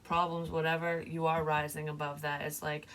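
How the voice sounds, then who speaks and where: A woman's voice: deep voice, little pitch movement, normal speed, fairly bright tone, slight background noise. A woman giving a casual spoken psychic reading, chatty and loose, laughing often and swearing now and then. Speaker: psychic reader.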